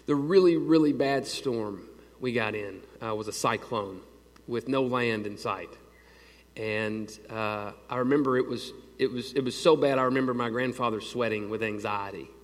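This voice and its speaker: A man preaching a conversational sermon, telling stories and asking his listeners questions in a folksy way. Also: medium pitch. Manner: folksy, asks the crowd questions, quick asides. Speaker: pastor. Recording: long reverb of a large hall.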